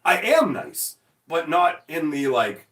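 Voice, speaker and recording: A man in his forties chatting casually on a livestream, answering chat in a profane, excitable, self-mocking way. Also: a little high, slow, echoey room, distant mic. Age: 40s.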